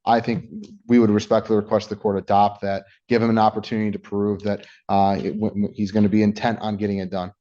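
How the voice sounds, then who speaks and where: A male defense attorney arguing formally to the court at a quick pace. His delivery is flat and even, with stumbling restarts, and the courtroom audio is dull. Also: on the low side. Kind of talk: courtroom argument.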